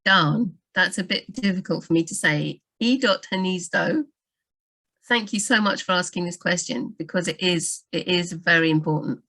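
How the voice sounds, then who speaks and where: With a lowish voice, a woman works as a book doctor, answering writing questions live over a video call in an animated style packed with rapid asides and restarts.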